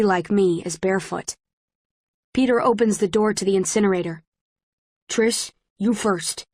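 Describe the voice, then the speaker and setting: A woman reading a first-person story as an audiobook narrator, in a measured storytelling manner. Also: medium pitch, dry recording, clean studio sound. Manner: measured, present-tense storytelling.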